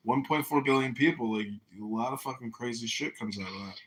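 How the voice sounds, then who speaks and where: A man's voice: mid-range voice, brisk. A man chatting casually on a podcast, telling crude, profane stories in a loose, rambling way.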